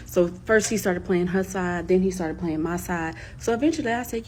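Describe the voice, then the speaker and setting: A woman telling a personal story to camera in a casual storytime, animated and laughing, acting out quotes. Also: moderate pace, slight background noise. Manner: animated, laughing, acts out quotes with big pitch jumps. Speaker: storyteller vlogger.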